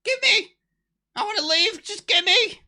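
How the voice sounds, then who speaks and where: A man voicing a desperate male bone devil with a high, squeaky pipsqueak voice, whining and pleading. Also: lively intonation, measured pace, heavily acted. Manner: whiny, pleading shouts.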